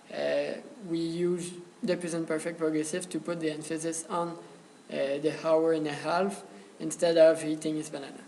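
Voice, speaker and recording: A young man student presenting a grammar lesson, hesitant and pausing often on filler sounds. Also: a little high, level tone, warm tone, a little hiss or hum, poor audio.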